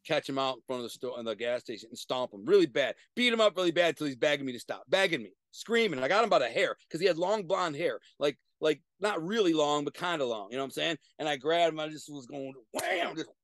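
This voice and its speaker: Animated man telling stories. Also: a little high, quick pace, few pauses, dry recording. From Detroit, USA. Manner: animated, profane, acts out scenes with sudden loud bursts. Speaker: interview guest. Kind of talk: casual storytelling. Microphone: video call.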